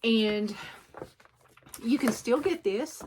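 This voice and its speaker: A woman with a sore throat, rambling and poking fun at herself as she shows off her stitching in a chatty show-and-tell vlog, clearing her throat often. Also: fairly high pitch, takes it slowly, a little mellow, slight background noise. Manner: rambling, self-deprecating, frequent throat clearing. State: sore throat, sucking a cough drop. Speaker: cross-stitch vlogger.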